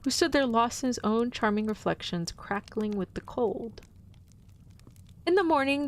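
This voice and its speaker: A woman's voice: on the high side, creaky. A woman vtuber hosting a stream, reading a story aloud with chatty, playful asides to her chat.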